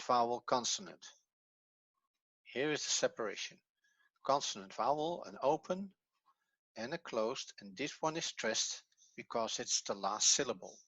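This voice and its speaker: A man's voice: medium pitch, fairly bright tone, dry recording, highs cut off. A man teaching an evening language class, patiently explaining step by step and thinking aloud as he works. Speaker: Hebrew teacher.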